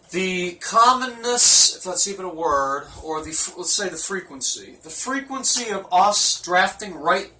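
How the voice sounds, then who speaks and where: Cursing rambling guy doing locker room roll call, sharp voice, far off mic in a big echoey room. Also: high voice. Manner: profane, rambling, mock-gruff. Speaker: team manager giving a speech.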